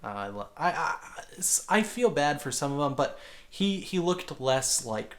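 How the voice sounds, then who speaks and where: A man's voice: on the high side, big pitch swings, measured pace. A man co-hosting a podcast, telling casual stories in a rambling way, full of "like" and restarts. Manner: rambling storyteller full of fillers. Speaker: podcast co-host. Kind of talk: casual chat.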